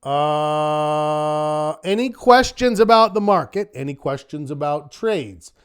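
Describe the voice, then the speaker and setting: A man's voice: a little high, animated, slow pace, clear, resonant tone. A man hosting a live online trading class, upbeat and encouraging, working through rhetorical checklists of questions for his students. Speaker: trading instructor hosting a weekly market wrap.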